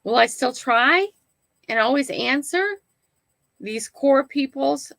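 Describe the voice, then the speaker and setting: A woman's voice: high voice, takes it slowly, gravelly, fairly bright tone, rough recording. An older woman hosting her own live stream, chatting casually to viewers and often checking in with "right?" and "okay?". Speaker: channel host.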